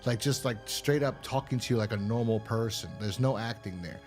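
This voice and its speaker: A man co-hosts a horror podcast, casually recapping an episode with rambling, filler-heavy talk and occasional swearing. His medium-pitched, slightly mellow voice is a little fast, with faint music behind.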